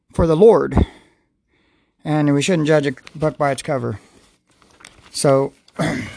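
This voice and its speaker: A man's voice: high voice, creaky, dry recording, clean studio sound. A man hosting a casual faith podcast, talking in an earnest, rambling way with many restarts and praying aloud. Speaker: podcast host.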